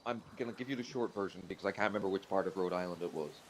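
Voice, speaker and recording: A man's voice: sits low, rapid-fire, a little hiss or hum, rough recording. A man telling a rambling comic story on a podcast, with frequent restarts.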